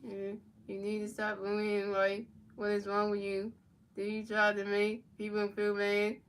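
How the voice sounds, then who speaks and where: A woman from Philadelphia calls the plays of a football video game and answers her chat in a casual, looping way, restarting phrases again and again. Her middle-pitched voice stays flat and even. The mic sits a little distant from her. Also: a little slow, a little hiss or hum. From Philadelphia, USA. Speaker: gaming streamer. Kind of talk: play-by-play commentary of a football video game, chatting with viewers.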